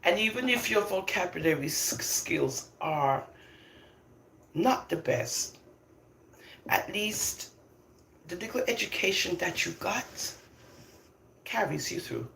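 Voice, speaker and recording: Slow and gravelly with long pauses, this older woman's fairly low voice carries slight background noise and a roomy echo. A vlogger from London, she gives an opinionated casual monologue, emphatic and animated, with frequent laughs between points.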